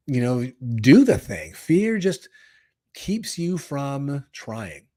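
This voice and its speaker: A man hosting a live podcast episode, speaking in a strained, hoarse voice. He sounds earnest and emotional, rambles a little and often restarts his sentences. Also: medium pitch, lively intonation, unhurried, a little mellow. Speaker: podcast host. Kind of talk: live motivational monologue. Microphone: live stream microphone.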